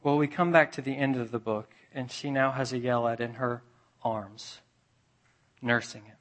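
A man preaching a sermon as pastor, deliberate, repeating phrases with building emphasis. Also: medium pitch, fairly even intonation, a bit bright.

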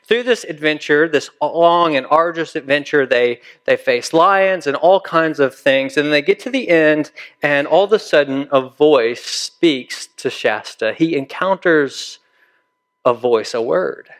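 Preacher guy telling a story in his sermon, slow, highish voice, lots of pauses. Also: fairly bright tone. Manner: storytelling, deliberate, with dramatic pauses. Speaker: pastor.

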